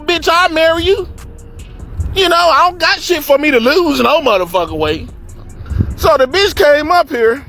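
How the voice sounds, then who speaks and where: A man casually telling a profane, animated story and acting out the people he quotes. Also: very high-pitched. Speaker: podcast host telling a story.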